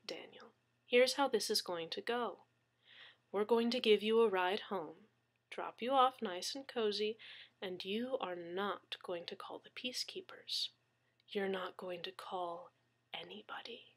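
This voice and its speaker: Villain in whispered role-play: woman doing a cold, hissing male thug, slow and quiet. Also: medium pitch. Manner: cold, threatening, hissed. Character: menacing male thug with a gun.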